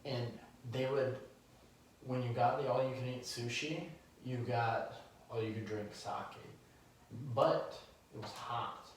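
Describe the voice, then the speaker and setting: Slow-talking deadpan man, roomy sound. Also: mid-range voice, slight background noise. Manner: slow, deadpan storytelling with crude humor. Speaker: podcast co-host. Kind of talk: casual chat. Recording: echoey room, mic at a distance.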